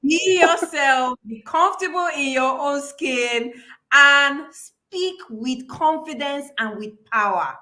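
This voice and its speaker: Slow, bright-voiced woman host. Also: high voice, expressive. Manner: affirming, encouraging. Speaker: host of the class. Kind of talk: online class hosting.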